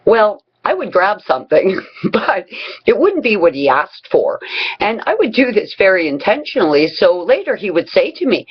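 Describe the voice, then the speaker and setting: A woman with a low, husky voice tells personal stories on a vlog. She talks in a blunt, profane, conversational way. The recording sounds dull and lo-fi. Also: sing-song, normal speed. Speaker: vlogger. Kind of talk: personal storytelling advice vlog.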